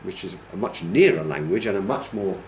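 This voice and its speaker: A man's voice: low-pitched, lively intonation, brisk, darkish tone, roomy sound, slight background noise. A male teacher trainer giving a classroom lecture, explaining patiently and checking in with "okay?". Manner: demonstrates rhythms by humming and counting.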